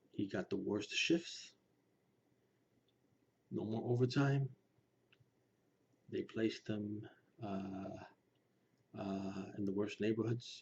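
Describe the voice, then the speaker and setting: A man speaking earnestly to his listeners, pressing his points and sometimes dropping to a hushed near-whisper. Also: on the low side, steady tone, slow pace, pauses often. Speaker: Lukumi practitioner speaking to his channel. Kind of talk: personal commentary to camera. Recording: slightly dull recording with faint background noise.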